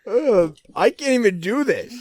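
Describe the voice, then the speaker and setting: Brief: dry-witted male co-host, quick quips; high voice, dry room. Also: expressive, a little mellow, dry recording. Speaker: podcast co-host. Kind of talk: casual chat.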